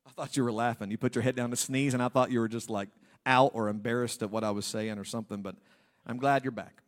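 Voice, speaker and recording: A man's voice: medium pitch, fairly even intonation, fast. A male pastor preaching a humorous sermon in a church, with playful joking asides to the congregation.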